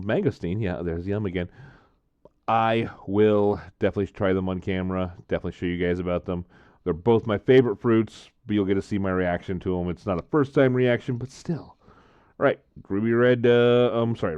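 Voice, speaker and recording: A man chatting casually to camera while tasting drinks, rambling, repeating himself and filling pauses with frequent "uh, um" sounds. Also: on the low side, a little mellow, no room sound, highs cut off.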